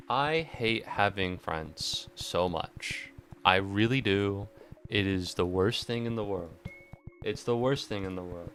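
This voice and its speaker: A man with a fairly low voice streams casually at a slow pace, sarcastic and swearing often. He swings from mock-angry rants to quiet deadpan asides during his live-stream chat, sounding tired and stressed.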